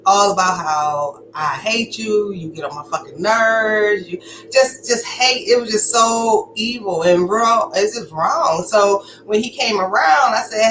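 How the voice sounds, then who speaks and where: A woman's voice: medium pitch, measured pace, a bit bright. A woman giving a candid personal testimony, talking in a conversational, emphatic way. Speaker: storyteller sharing her survival story. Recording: echoey room with faint background noise.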